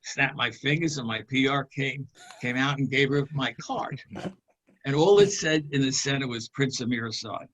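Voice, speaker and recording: Older man, husky, mid-pitched; chuckling anecdote teller on a comedy podcast. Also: fairly bright tone. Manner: chuckling, unhurried storyteller. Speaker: regular panelist. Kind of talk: anecdote storytelling.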